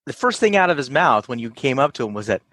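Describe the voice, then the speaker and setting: A man's voice: mid-range voice, very animated, fast talker, pushed and bright, no echo. A man hosting a podcast, asking questions and reflecting in a hesitant way with many fillers. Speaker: podcast host. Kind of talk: interview conversation.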